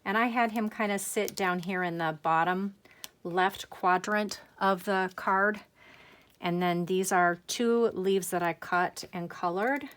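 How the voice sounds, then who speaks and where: A woman's voice: mid-range voice, fairly even intonation, takes it slowly, a bit bright. A middle-aged woman hosting a card-making tutorial, chatty and enthusiastic as she works through each step. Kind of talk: crafting tutorial.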